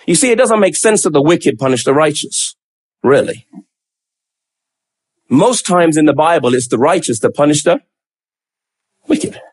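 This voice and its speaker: A man's voice: fairly high pitch, lively intonation, measured pace, pauses often. A man preaching a sermon, emphatic and acting out quoted pleas with rising questions.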